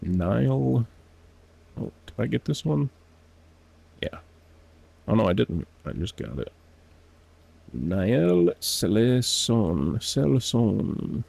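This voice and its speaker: A man's voice: medium pitch, sing-song, takes it slowly, gravelly, long pauses, warm tone, slightly rough. A man streaming a game, chatting casually to himself, laughing often and sounding out foreign words. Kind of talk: casual gameplay commentary.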